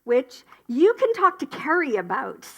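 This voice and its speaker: Woman announcer for a spiritual community gathering: high, bright voice, unhurried delivery, warm cheering enthusiasm. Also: very animated, lo-fi sound. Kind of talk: upbeat church announcements.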